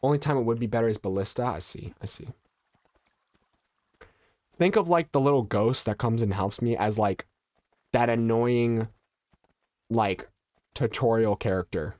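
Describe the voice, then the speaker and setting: A man's voice: mid-range voice, normal speed, pauses often, darkish tone, dry recording. A man streaming a game and casually chatting with his viewers, with a stuffy, nasal voice from allergies and a loose, joking manner. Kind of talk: casual live-stream chat, answering viewers.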